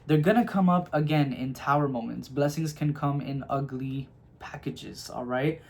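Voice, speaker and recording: This tarot reader has a mid-range, darkish voice with a steady tone and normal speed. Talking casually to camera, he's chatty and reassuring, keeps checking in with "okay?" and affectionately addresses listeners as "my loves."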